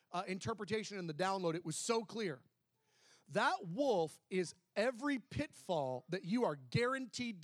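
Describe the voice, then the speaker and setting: A man preacher with a fairly high voice tells his testimony to a congregation. He moves from quick excited runs to slow emphasis and acts out the dialogue as he goes. The sound is dry and close, with no room echo. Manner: animated, swings between fast excited bursts and slow emphasis.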